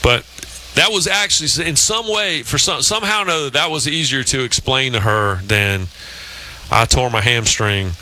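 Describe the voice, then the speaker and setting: A man's voice: mid-range voice, normal speed, bright, forceful tone, a little hiss or hum, rough recording. A man in his fifties hosting a sports talk show, telling long rambling anecdotes in casual chat. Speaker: radio show host.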